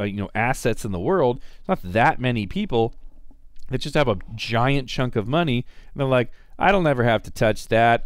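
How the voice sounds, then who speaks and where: A man's voice: medium pitch, no echo, studio quality. A man hosting a solo podcast, giving blunt, emphatic, opinionated commentary. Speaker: podcast host.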